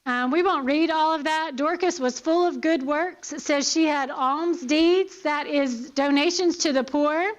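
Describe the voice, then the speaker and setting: Woman, high voice, Bible lesson, earnest questions, dull lo-fi sound. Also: unhurried, few pauses. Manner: earnest, asks rhetorical questions, checks in with "okay?". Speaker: Bible class teacher. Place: church.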